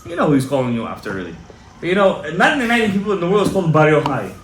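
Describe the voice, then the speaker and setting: Fervent rabbi. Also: male voice, a little high, wildly swooping pitch, rapid-fire. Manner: emphatic, exhorting, rising to loud fervent urging. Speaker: rabbi giving a Torah class. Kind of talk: animated Torah lecture to a live audience. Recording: echoey room, faint room noise.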